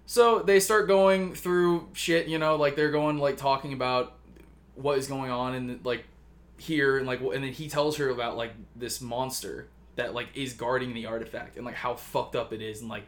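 A man's voice: medium pitch, steady tone, normal speed, fairly bright tone. A man casually retelling a story on a podcast, rambling with lots of fillers and swearing. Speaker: podcast co-host pitching a story.

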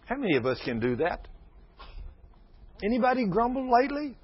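Preaching to his congregation, a man in his 60s uses a very high, sing-song voice with a breathy edge and speaks fairly quickly. His folksy, emphatic sermon drifts into fervent prayer, captured in a dull lo-fi recording.

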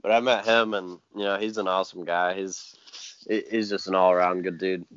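A man hosting a casual chat, laid-back and quick to laugh. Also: low-pitched, level tone, a bit bright, clean tone, muffled recording. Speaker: podcast host and jiu-jitsu video maker.

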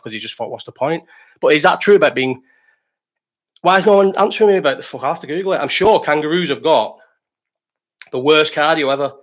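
Swearing, rambling lad. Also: male voice, medium pitch, fairly bright tone. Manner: rambling, swearing, laughing a lot. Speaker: live stream host reading chat. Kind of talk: casual live chat.

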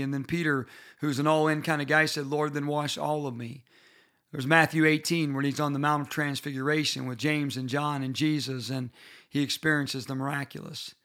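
A middle-aged pastor with a bright, forceful voice pitched a little high for a man. He teaches leaders from scripture in an earnest, personal way. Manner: earnest storytelling, personal and emphatic. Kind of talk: bible-based leadership teaching.

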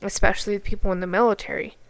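A woman's voice: medium pitch, steady tone, racing, vocal fry. A woman co-hosting a podcast in casual chat, blunt and emotional, swearing often and near tears. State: tearful. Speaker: podcast co-host.

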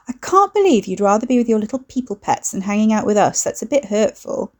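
A woman's voice: medium pitch, very animated, fast talker, a little mellow, natural voice. A woman voicing a bubbly, pushy young woman with an artificially cultured voice and a slight Essex twang. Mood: breezy.

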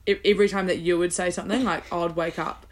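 Low-voiced young woman chiming in. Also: fast talker. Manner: relaxed, chimes in with asides and lots of "like". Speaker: podcast co-host. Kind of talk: casual travel chat.

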